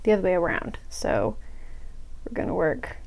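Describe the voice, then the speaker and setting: A young woman hosts a crochet tutorial, casually walking through a pattern step by step with chatty, self-mocking asides and dropping to a whisper when she mutters to herself. Her voice is on the low side, creaky and a little mellow, with big pitch swings and a moderate pace. The recording is rough.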